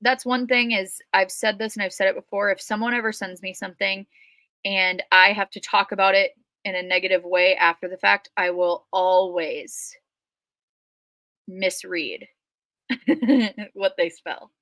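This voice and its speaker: A woman's voice: mid-range voice, fairly even intonation, measured pace, pushed and bright, no echo. A woman with a Minnesota accent, telling her story as a guest in a casual livestream chat, rambling with frequent ums.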